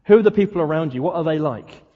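Man, sermon, higher voice, husky, rhetorical questions. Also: expressive, fast. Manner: conversational preaching, rhetorical questions. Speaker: preacher. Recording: dull lo-fi sound, long hall reverb.

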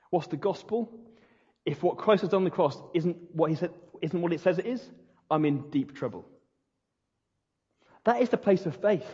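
A man's voice: a little high, darkish tone, husky. A male pastor preaching a sermon, retelling a story in an earnest, emphatic way. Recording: dull lo-fi recording in a reverberant hall.

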